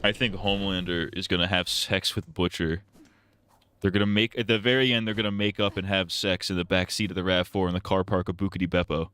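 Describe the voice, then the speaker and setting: A man's voice: low voice, fairly even intonation, a little fast, fairly bright tone, a little hiss or hum. A man streaming live, chatting casually in a profane, rambling, jokey way full of restarts.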